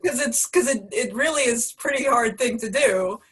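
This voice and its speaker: Relaxed woman podcast host. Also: fairly high pitch, moderate pace. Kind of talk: casual interview chat.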